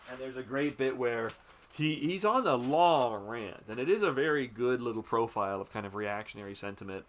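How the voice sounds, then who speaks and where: Man, podcast host, casual film talk, rambling, lots of fillers, swears. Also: medium pitch. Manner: rambling, with many fillers, swearing and quick asides.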